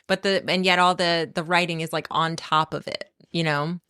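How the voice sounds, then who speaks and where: A woman's voice: lowish voice, steady tone, normal speed, sharp tone, clear, resonant tone. A woman hosting a podcast in a casual, chatty way, often giggling and trailing off mid-sentence. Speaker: podcast host.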